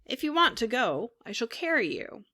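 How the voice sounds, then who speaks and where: A woman voicing a large, calm, helpful male pigeon who talks in a matter-of-fact way. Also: on the high side, moderate pace, pitched above the performer's own voice.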